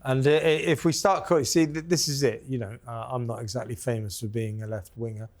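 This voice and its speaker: A man's voice: mid-range voice, steady tone, brisk, a little mellow. A man hosting a TV interview, asking questions in a hesitant way with frequent fillers and restarts. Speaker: talk show host. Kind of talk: conversational TV interview.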